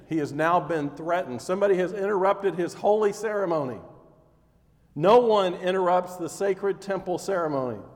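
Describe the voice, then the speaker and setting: High-voiced preacher in a reverberant hall. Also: male voice. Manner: animated storytelling, acting out scenes with rising intensity. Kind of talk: sermon.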